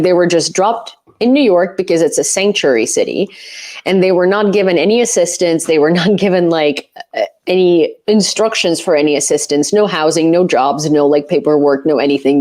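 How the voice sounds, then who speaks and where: A woman's voice: fairly low pitch, a little mellow. A young adult woman from Ukraine hosting a casual livestream chat, rambling with lots of fillers and frequent laughs. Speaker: host, independent reporter.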